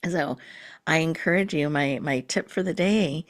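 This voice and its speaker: A woman host with a low voice leads a slow, soothing guided breathing meditation, sometimes dropping down to a whisper.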